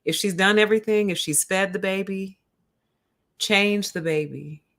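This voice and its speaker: Speaking at a normal speed in a mid-range voice, this woman livestreams and recounts a story with lots of animation. "Honey" and "y'all" are how she refers to her listeners.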